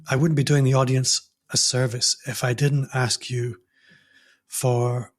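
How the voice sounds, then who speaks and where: A man hosts an interview podcast in a husky voice. He speaks thoughtfully and often stops to search for the right word. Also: medium pitch. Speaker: podcast host. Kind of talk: interview conversation.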